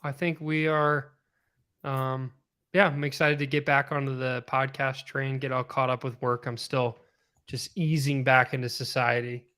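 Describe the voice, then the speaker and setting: A man's voice: medium pitch, flat delivery, unhurried, pushed and bright, clear, resonant tone. A man hosting a live podcast as a fitness coach, upbeat and rambling, with lots of fillers. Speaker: podcast host and CrossFit coach. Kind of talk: casual live podcast chat.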